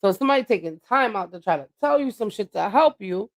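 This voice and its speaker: A woman's voice: mid-range voice, animated, quick pace. A woman livestreaming a blunt, profane monologue that lectures her viewers. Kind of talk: ranting live-stream monologue.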